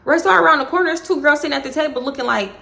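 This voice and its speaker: A woman with a Texas accent tells a casual storytime in a bright, fairly high voice. She is animated and dramatic and swears freely as she talks. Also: very fast, vocal fry. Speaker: vlogger.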